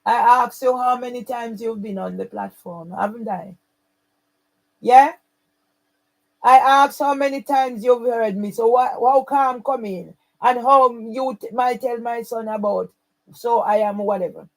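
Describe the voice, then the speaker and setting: A woman's voice: a little high, measured pace, low-quality recording. A woman, running her own channel, speaking straight to camera in an angry, accusing and repetitive way. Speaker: channel owner. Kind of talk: angry direct-to-camera rant.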